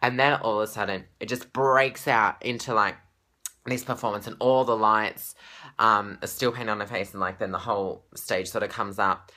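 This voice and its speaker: Gushing Australian man, bright voice. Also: lowish voice, steady tone, normal speed. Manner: gushing, breathless and swearing freely. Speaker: pop fan vlogger. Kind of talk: excited casual vlog.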